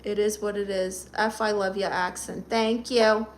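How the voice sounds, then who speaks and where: A woman's voice: medium pitch, little pitch movement, unhurried. A middle-aged woman with a Brooklyn accent, hosting a live stream and reading chat comments aloud with blunt, sassy comebacks.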